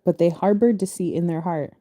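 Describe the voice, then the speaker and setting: A spiritual reader with a low, very mellow voice reads scripture and comments on it in a relaxed, chatty way, a little fast. After each verse she drifts into loose asides, restarting phrases and laughing easily. Her voice is close and dry, with no room sound or echo.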